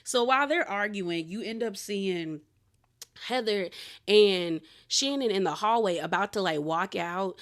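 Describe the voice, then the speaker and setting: A woman's voice: medium pitch, unhurried. A woman casually recapping a reality TV episode, chatty and opinionated, with lots of "like". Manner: chatty and opinionated, heavy use of "like".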